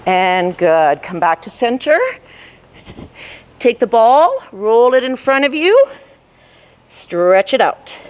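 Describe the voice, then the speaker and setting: A woman with a fairly high voice leads a workout class at a slow, steady pace. She cues form and counts down reps in an encouraging way while exercising along, a little out of breath. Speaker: fitness instructor. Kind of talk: guided workout instruction.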